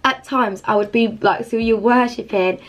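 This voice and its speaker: A woman's voice: a little high, moderate pace. A young woman chatting to camera as a Christian vlogger, effusive and rambling, with lots of "like" fillers. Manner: effusive, rambling, heavy use of "like". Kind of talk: casual chat to camera.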